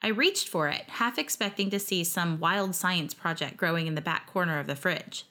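Narrator: woman, first-person audio story, wry lively delivery. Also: on the low side, normal speed.

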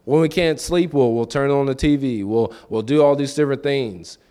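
A man's voice: medium pitch, moderate pace, mellow, clear, resonant tone. A man preaching a sermon in a loose, conversational way, asking the listeners questions and acting out quoted voices. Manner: conversational, repeats words and acts out quoted voices.

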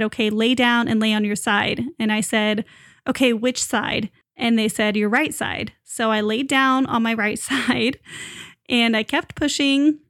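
Young woman, casual storyteller, chatty and laughing, slightly high voice. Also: a bit bright, no echo, clean studio sound. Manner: chatty, laughs often, many fillers. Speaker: new mother telling her birth story.

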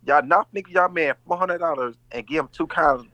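A man's voice: fairly high pitch, quick pace, sharp tone, no room sound, rough recording. A man on a casual podcast giving blunt, emphatic opinions. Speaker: podcast co-host. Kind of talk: casual chat.

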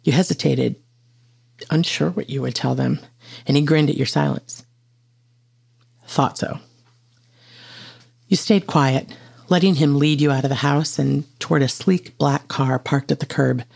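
Husky, gravelly storyteller. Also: male voice, a little high, fairly even intonation, moderate pace, a little mellow. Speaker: narrator. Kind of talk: second-person horror story narration.

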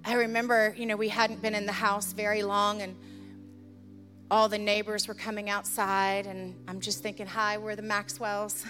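A middle-aged woman pastor telling a story in a sermon, earnest and urgent, turning quiet and intense as she leads a prayer. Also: mid-range voice, level tone, moderate pace, soft background music.

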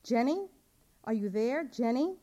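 A woman's voice: medium pitch, expressive, moderate pace, warm tone, lightly acted. A woman voicing a worried young mother asking around for her missing daughter, polite and pleading. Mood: anxious. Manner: anxious, polite, pleading questions.

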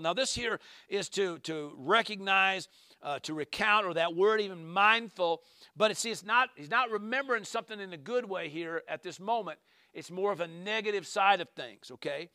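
A man's voice: high-pitched, lively intonation, moderate pace, pushed and bright, no room sound. A man preaching a sermon, reading psalms aloud and breaking in with emphatic asides and calls of amen and hallelujah. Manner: reads scripture aloud with frequent asides.

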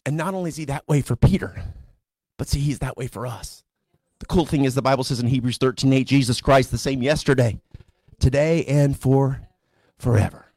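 A male pastor preaching a sermon in a conversational storytelling way, sometimes rising to animated emphasis. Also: medium pitch, normal speed, dry recording. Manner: conversational storytelling preacher, voices characters casually.

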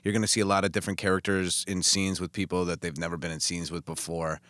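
A middle-aged actor from Chicago, chatting as a guest in a relaxed way and trailing off with fillers. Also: male voice, low voice, fast, dry recording. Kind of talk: casual interview chat.

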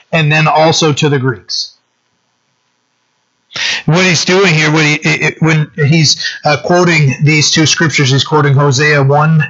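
A male pastor giving a conversational sermon, often checking in with "right?" and pausing on fillers. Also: on the high side, pushed and bright. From French-descended local community. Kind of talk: sermon teaching. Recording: dull lo-fi sound.

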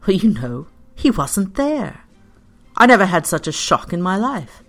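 Bright, expressive storyteller. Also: mid-range voice, soft background music. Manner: measured, expressive first-person storytelling. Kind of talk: scripted narration of a story.

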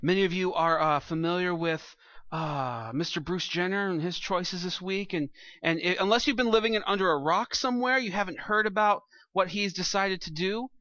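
A man's voice: high voice, normal speed, bright, forceful tone, no echo, muffled recording. A man preaching a sermon as pastor, earnest and plain-spoken, often restarting his phrases.

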